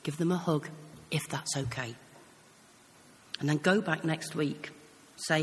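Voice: medium pitch, measured pace, long pauses. A preacher with a British accent giving an earnest sermon, telling stories in a conversational way. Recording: long hall reverb.

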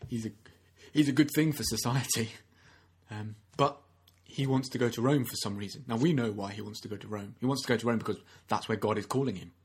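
Husky-voiced man preaching a sermon. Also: on the low side, fast talker, hardly any pauses. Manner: earnest, acts out quoted speakers, frequent restarts.

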